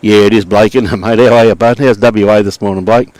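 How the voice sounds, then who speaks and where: A man's voice: fairly low pitch, brisk, no room sound. Laid-back Australian man calling bowls. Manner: relaxed, chatty, greets viewers by name. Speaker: lawn bowls commentator. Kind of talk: live sports commentary and chat to viewers.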